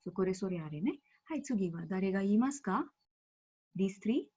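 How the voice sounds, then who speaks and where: A woman's voice: medium pitch, expressive, normal speed, a little mellow, husky. Patient woman teacher on a muffled call. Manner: patient, explanatory, with frequent fillers. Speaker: Japanese language teacher. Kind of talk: online language class. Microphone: video call. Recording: dull, muffled video-call audio.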